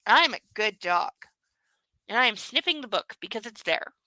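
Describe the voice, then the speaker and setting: A woman's voice: a little high, expressive, moderate pace, pushed and bright, no echo, low-quality recording. A woman voicing an earnest little puppy. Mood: proud. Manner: earnest, simple, self-satisfied. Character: sweet, dutiful young male puppy.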